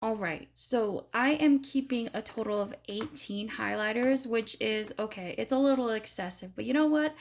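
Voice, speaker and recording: Chatty woman with a gravelly voice. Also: fairly high pitch, moderate pace, few pauses, a little hiss or hum. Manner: chatty, enthusiastic, upbeat. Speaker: beauty vlogger. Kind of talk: casual product review.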